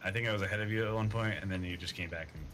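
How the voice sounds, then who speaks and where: A man's voice: lowish voice, rapid-fire, low-quality recording. A young man chatting casually and joking while streaming a trucking game, rambling and swearing. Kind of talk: casual chat while gaming. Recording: loud background noise.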